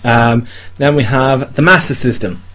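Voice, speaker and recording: A man's voice: medium pitch, a little slow, a bit bright, slight background noise. A man hosting a casual podcast chat, rambling and hesitant with many ums while reading a list. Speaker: podcast host.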